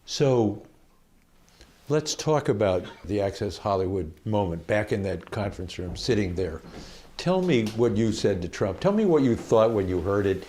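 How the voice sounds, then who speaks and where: A man conducting an interview with a low voice that rises and falls widely. He asks brief, coaxing questions to draw the guest out. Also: big pitch swings, moderate pace, mellow, a little hiss or hum.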